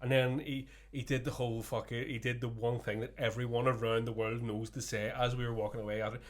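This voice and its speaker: A man co-hosts a podcast in relaxed, casual chat. He swears constantly and breaks into laughter mid-story. His voice sits at an ordinary middle pitch. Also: fast. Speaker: podcast co-host.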